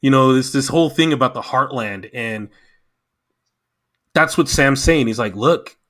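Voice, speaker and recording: An American man with a bright, forward voice, talking through a show review in an emphatic, animated way. He keeps acting out what people said, and his lively delivery carries his opinions. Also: medium pitch, moderate pace. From United States. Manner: animated, emphatic, acts out quotes. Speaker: podcast co-host. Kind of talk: casual review chat.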